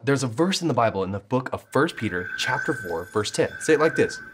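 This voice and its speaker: A man's voice: mid-range voice, lively intonation, brisk, background noise, natural voice. A man on a children's church show, teaching in an upbeat way. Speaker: show helper.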